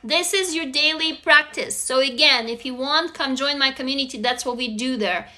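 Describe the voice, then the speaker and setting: A woman in her forties speaks on a casual live stream in a high, bright voice. She talks frankly and emphatically and swears freely. Between points she reads out and answers her viewers' comments. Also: normal speed. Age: 40s. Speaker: live stream host leading a writing group.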